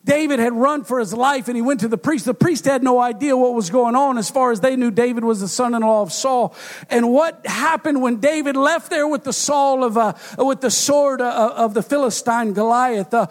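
A man preaching a sermon, rising to loud shouts and dropping to hushed tones, with frequent fillers. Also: very high-pitched, normal speed. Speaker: pastor.

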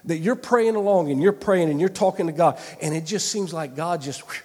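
A man's voice: on the high side, brisk, a little mellow. A man preaching a sermon, telling a personal story earnestly, with frequent restarts and repeated phrases. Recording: long hall reverb.

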